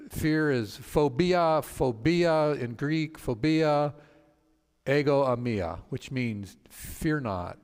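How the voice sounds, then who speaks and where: A man, a pastor, teaching a Bible study in a storytelling way, halting with fillers and restarts and acting out the people he quotes. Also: medium pitch, long reverb tail. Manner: acts out quoted speakers with voice changes.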